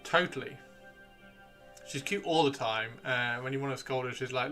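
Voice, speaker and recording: A man's voice: mid-range voice, steady tone, normal speed, sharp tone. Male streamer, casual rambling chat, swears lightly, faint music behind. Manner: rambling, swears casually, talks to himself while browsing. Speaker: livestream host. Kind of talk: casual chat while gaming.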